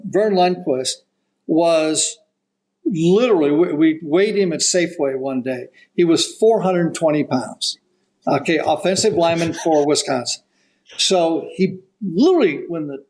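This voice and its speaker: An older man, a golf broadcaster guesting on a podcast, telling an animated story and acting out the voices of the people in it. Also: on the high side, low-quality recording. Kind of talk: storytelling anecdote.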